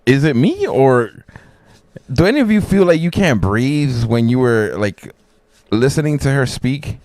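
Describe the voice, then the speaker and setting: A man's voice: mid-range voice, big pitch swings, measured pace, a little mellow, no room sound. A man rambling casually and cursing freely while hosting a reaction live stream. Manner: rambling, profane, jokey.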